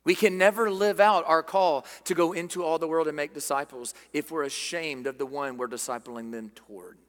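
A man with a Southern American accent preaching a sermon, earnest and dropping to hushed tones for emphasis. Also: on the high side, fairly even intonation, normal speed, big-room sound. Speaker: pastor. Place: church sanctuary.

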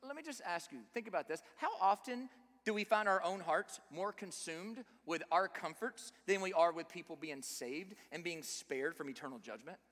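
This preacher's voice is high-pitched and sharp as he speaks with emphasis, often posing rhetorical questions to the congregation. The long reverb of a big hall surrounds him.

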